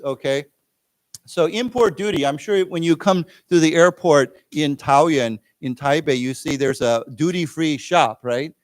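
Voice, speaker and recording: A man's voice: fairly high pitch, no room sound. A man teaching an English lesson, explaining words with everyday examples and often checking in with "okay?" and "right?". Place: library lecture room.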